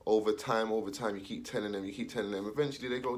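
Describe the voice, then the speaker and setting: A man's voice: fairly low pitch, steady tone, racing. A young man, talking casually in street slang, ranting his opinion and acting out the voices of others. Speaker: commentator.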